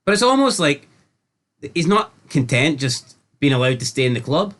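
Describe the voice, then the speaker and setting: A man co-hosting a casual review podcast, relaxed and asking probing questions. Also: on the high side, normal speed. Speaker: podcast co-host.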